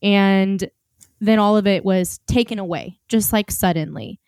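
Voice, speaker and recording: A woman with a light Southern American accent co-hosts a faith podcast, joking at her own expense. Her voice is smooth and clear. The recording is dry and close. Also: medium pitch, measured pace, darkish tone, no room sound. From Oklahoma, USA. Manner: joking, self-deprecating. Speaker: podcast co-host. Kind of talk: casual faith podcast chat.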